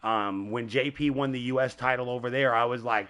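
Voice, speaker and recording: A man hosting a podcast in casual chat, rambling and animated, laughing often. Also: mid-range voice, fairly quick. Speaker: podcast host.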